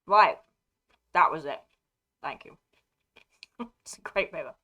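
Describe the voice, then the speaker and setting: A woman's voice: deep voice, expressive, slow, pushed and bright. A woman with an English received pronunciation accent chatting casually with live viewers, rambling and breaking off mid-sentence with frequent laughter. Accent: British, received pronunciation. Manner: scattered, rambling, self-interrupting, laughing often. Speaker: streamer.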